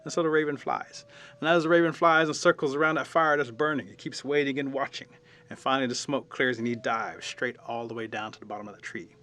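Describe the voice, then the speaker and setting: Bright-voiced male storyteller, animated traditional tale, acts out the scenes. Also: mid-range voice, fast talker. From Cherokee Nation.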